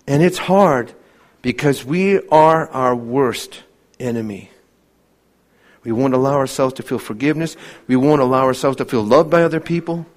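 A man preaching an evening sermon to his congregation. He pleads with fervor and swings between loud, climbing appeals and hushed, solemn lows. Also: moderate pace. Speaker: pastor.

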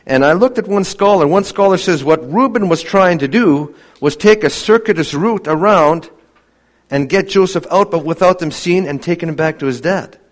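An earnest male preacher delivering a sermon, with a voice set a little higher than most men's. He keeps asking the congregation rhetorical questions and sinks to a hush to drive points home. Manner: earnest, many rhetorical questions, drops to a hushed voice for emphasis.

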